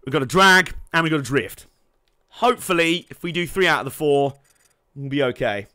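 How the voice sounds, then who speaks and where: Jokey young man, bright and lively. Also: a little high, a little fast, smooth. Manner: jokey, laughs often, swears, bursts out excitedly. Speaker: let's play host. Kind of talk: casual gameplay commentary.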